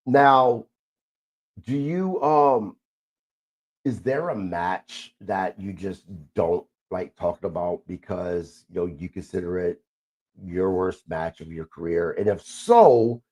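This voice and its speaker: Low-voiced podcast host. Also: male voice, expressive, slow pace, darkish tone, slightly rough. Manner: hesitant, many "um"s and filler words. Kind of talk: interview questions.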